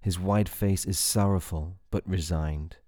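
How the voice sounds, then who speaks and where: A man reading a fantasy story aloud in a measured, unhurried way. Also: sits low, fairly even intonation, mellow. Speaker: narrator. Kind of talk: audiobook fiction reading.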